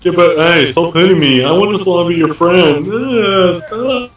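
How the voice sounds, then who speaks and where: A man's voice: high-pitched, measured pace, soft background music. A man voicing clingy male robot minions in an improvised fan dub, pleading in a needy way. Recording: echoey, distant home mic.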